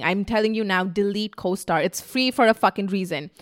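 A young woman chatting straight to camera in a casual vlog. She is blunt and emphatic, swears often, and slips into animated little impressions of other people. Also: mid-range voice, a little fast, few pauses. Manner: animated, acts out quotes. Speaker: vlogger.

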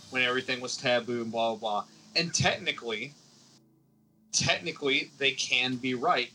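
Bright sharp-voiced guy ranting bluntly, lots of swearing, faint music behind. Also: medium pitch, low-quality recording. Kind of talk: casual film discussion.

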